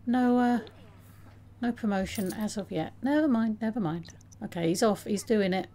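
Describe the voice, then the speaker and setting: A woman's voice: mid-range voice, normal speed, warm tone. A woman giving casual, chatty commentary on her game, talking to her characters and laughing often. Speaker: let's play host.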